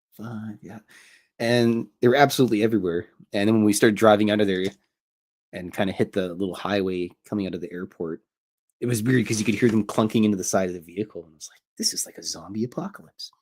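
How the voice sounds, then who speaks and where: A man's voice: fairly low pitch, darkish tone. A Canadian man who hosts a cartoon show, telling meandering, jokey stories and often interrupting himself. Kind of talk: rambling casual storytelling.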